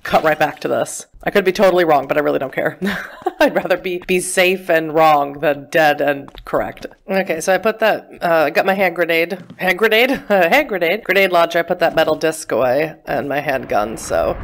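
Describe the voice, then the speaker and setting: A woman's voice: low voice, normal speed, vocal fry. A woman giving casual gameplay commentary, chatty and self-mocking, talking back to the game character. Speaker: let's play gamer.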